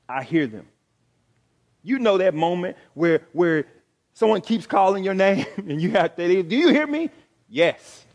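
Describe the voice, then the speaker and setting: A pastor preaching a sermon in a slow, deliberate cadence, his voice sitting a little high for a man. He leans hard on key phrases, getting louder as he drives a point home, and often repeats or corrects himself mid-phrase. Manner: emphatic preaching, rising loud on key phrases.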